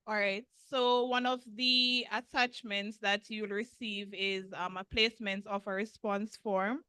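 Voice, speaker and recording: A woman speaking for a university answers callers' questions steadily and informatively, pausing frequently. Her voice is mid-range with a clean tone and no echo.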